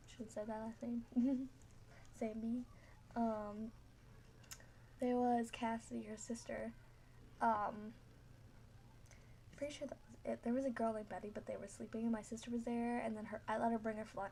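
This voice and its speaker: A woman's voice: a little high, mellow, a little hiss or hum. A teenage girl telling a story casually, rambling with many fillers and frequent giggles.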